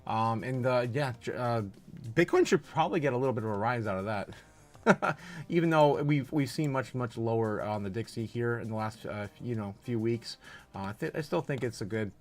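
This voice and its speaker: A man hosting a casual crypto livestream, reading chat aloud, laughing often and breaking into loud bursts of hype between rambling, filler-heavy commentary. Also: medium pitch, animated, normal speed. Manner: frequent filler uhs and restarts.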